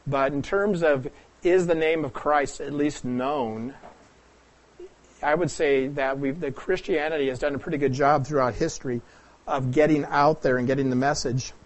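A man from the Pacific Northwest of the United States preaching a sermon, talking it through like a teacher, asking the audience questions and often clearing his throat. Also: fairly high pitch, moderate pace.

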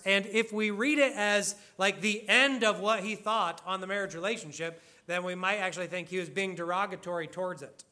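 High, bright-voiced preacher man. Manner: earnest expository preaching with conversational asides. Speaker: pastor. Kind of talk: sermon.

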